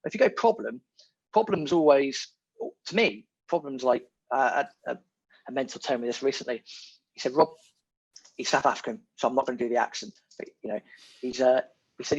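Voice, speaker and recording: Emphatic man, husky and muffled. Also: medium pitch, a little fast. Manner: animated, emphatic, repeats key words. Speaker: podcast guest. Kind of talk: casual conversation. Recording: muffled lo-fi audio.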